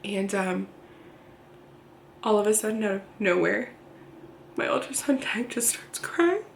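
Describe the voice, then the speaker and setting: A woman in her thirties telling a personal story to camera in a candid, halting, plain-spoken way. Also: medium pitch, vocal fry, echoey room, slight background noise. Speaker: vlogger.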